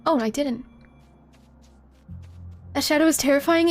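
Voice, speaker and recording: A woman's voice: sits high, animated, unhurried, soft background music. A woman live-streaming a video game, giggling often and chatting to her viewers as she plays. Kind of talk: live gameplay commentary.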